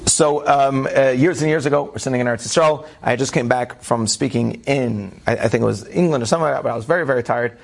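A man telling a funny personal story to an audience, animated and self-deprecating, often breaking into quoted voices. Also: mid-range voice, fast talker, vocal fry, hardly any pauses. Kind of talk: anecdotal storytelling talk.

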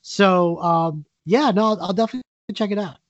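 A man's voice: high-pitched, fairly quick, dry recording, lo-fi sound. A man co-hosting a podcast in casual chat, upbeat and a bit hesitant when answering. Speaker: podcast co-host.

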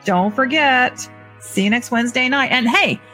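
A woman's voice: fairly high pitch, moderate pace, sharp tone, soft background music. A woman hosting a live talk show, upbeat and keeping things moving. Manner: upbeat, moves things along. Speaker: host.

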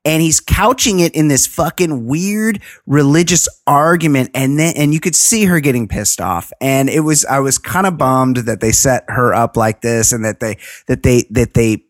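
A man co-hosting a podcast, retelling a reality show episode in animated, profane, casual chat. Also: medium pitch, normal speed, hardly any pauses, no room sound, clean studio sound. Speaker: podcast co-host.

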